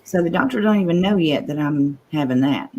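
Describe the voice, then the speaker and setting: A woman's voice: sits low, expressive, fairly quick, muffled recording, noisy background. Chatty woman host, livestream chat, a slight stutter.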